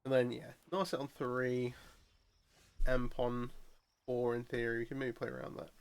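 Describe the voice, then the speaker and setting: A man talks through his card game match as he plays. He mutters half-finished thoughts, repeats words and restarts sentences. His pitch sits at an ordinary middle level for a man. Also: normal speed, creaky, clean tone. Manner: thinking aloud, mumbling, frequent restarts. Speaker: streamer playing a card game. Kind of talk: casual gameplay commentary.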